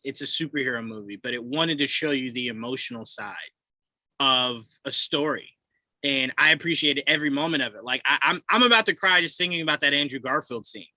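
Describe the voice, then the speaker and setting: A man co-hosting a casual film review discussion, animated and expressive, acting out characters' lines. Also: no room sound, rough recording. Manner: animated, acts out characters' lines with pitch jumps. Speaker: podcast co-host.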